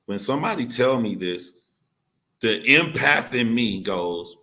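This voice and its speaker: A man's voice: medium pitch, lively intonation, unhurried, sharp tone. A man telling a heated personal story in a blunt, profane way, acting out what other people said and repeating his key points. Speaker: YouTuber telling his side of a dispute.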